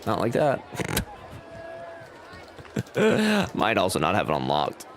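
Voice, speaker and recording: A man's voice: low-pitched, takes it slowly, slight background noise. A man streaming a game live, chatting casually, joking around and reading out chat messages. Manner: jokey, animated, reads chat aloud.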